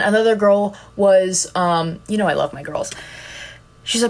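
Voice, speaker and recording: A woman's voice: medium pitch, moderate pace. A young woman chatting casually on a livestream, telling rambling, giggly, self-deprecating stories. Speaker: content creator on a livestream.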